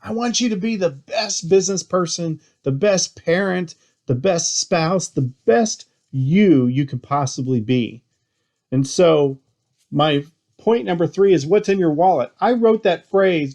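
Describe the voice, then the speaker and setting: Middle-aged man, from Texas, slightly high voice, earnest, casual motivational talk. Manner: earnest storytelling, animated when quoting himself. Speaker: business owner giving daily tips. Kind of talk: casual motivational tips to camera.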